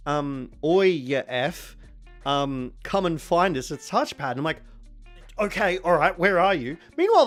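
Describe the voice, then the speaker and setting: Speaking with an Australian accent, this man in his forties has a slightly high voice. His casual stream chatter wanders, now and then breaking into excited shouts.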